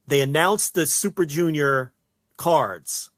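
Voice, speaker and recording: A man's voice: on the high side, takes it slowly, fairly bright tone, no room sound. Casual male wrestling podcast host. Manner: rambling, many fillers and restarts.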